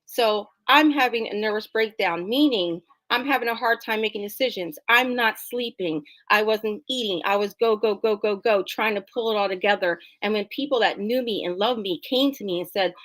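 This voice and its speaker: A middle-aged woman from New Jersey, a talk show guest, telling her personal story in an animated, emphatic way. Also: mid-range voice, moderate pace, few pauses, poor audio. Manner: animated, emphatic, acts out dialogue. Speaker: interview guest.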